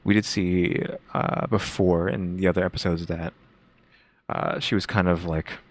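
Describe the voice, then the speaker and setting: A man co-hosting a reaction video, thinking aloud in a halting, casual way with frequent restarts. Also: low voice, fairly even intonation. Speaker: reaction co-host.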